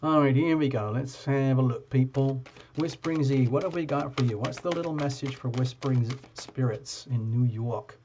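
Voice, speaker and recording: A playful, talkative man runs a live tarot reading and banters straight at his viewers. His voice sits at an ordinary middle pitch, and the recording has a dull, lo-fi stream sound. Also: a little fast, a little mellow, slight background noise. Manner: chatty, playful, addresses viewers directly.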